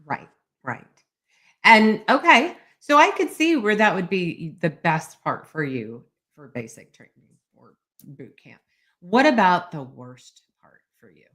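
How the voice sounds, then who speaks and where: A woman hosts a casual interview, nudging her guest along with short, encouraging questions. Her voice is lower than most women's, yet it moves around a lot in pitch and has a bright edge. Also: very animated, measured pace. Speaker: interviewer host.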